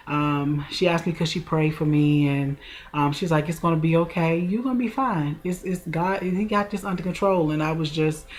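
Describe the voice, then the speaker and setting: Chatty woman in her forties confiding. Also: low-pitched. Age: 40s. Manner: chatty, addresses viewers directly, drawn-out emotional retelling. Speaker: vlogger. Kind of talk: casual personal storytelling.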